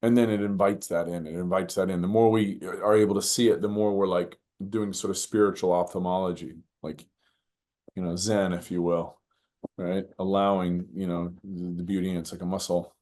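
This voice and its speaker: Male guest, fairly low voice, earnest storyteller who breaks into acted-out exclamations. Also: moderate pace. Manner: animated, acts out shouted quotes, many "you know" fillers. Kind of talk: reflective storytelling in conversation.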